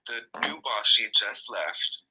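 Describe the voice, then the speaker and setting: A man's voice: on the low side, slow, sharp tone, slightly rough, rough recording. A man who works as a store manager, telling a workplace story in casual chat with gossipy indignation.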